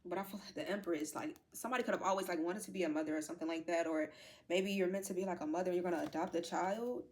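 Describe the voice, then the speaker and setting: Fast-talking woman doing a tarot reading. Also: lowish voice, fairly even intonation, darkish tone. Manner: rambling, filler-heavy, addresses viewers as y'all; emotional, tearful at times. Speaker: tarot reader. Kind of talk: casual tarot reading to viewers.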